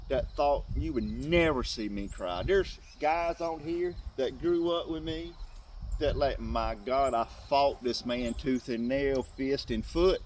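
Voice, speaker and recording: A man giving an impassioned, tearful Christian motivational talk to other men, swinging from hushed tones to loud bursts. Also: mid-range voice, slight background noise. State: tearful at times. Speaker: faith speaker addressing men.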